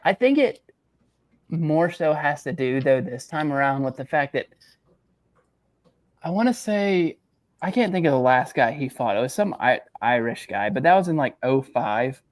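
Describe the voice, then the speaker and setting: A man with a slightly high voice co-hosts a sports podcast, chatting casually with no room sound. He's an animated storyteller who laughs quickly and acts out quotes.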